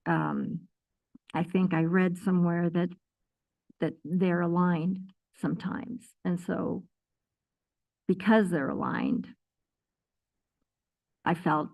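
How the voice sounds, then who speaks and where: A woman's voice: on the low side, fairly even intonation, slow, creaky, long pauses, darkish tone, dry recording. A woman board member making hesitant, thinking-aloud remarks at a public meeting.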